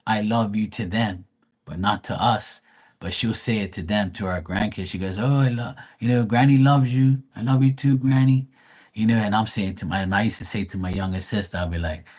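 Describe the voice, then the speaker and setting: A middle-aged man hosting a casual livestream, talking bluntly and swearing freely, acting out family members' voices when he quotes them. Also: fairly low pitch. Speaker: livestream host.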